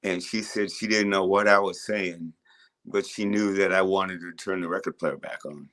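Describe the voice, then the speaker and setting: A man's voice: deep voice, steady tone, moderate pace, fairly bright tone. An older man, a rock musician, talking casually in an interview and telling rambling stories about his childhood with many restarts. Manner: laid-back, rambling storyteller with frequent restarts.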